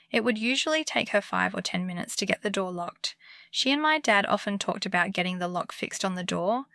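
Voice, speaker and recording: A woman narrating true scary stories for bedtime in a calm, comforting scripted delivery. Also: medium pitch, dry recording, studio quality. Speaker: horror story narrator.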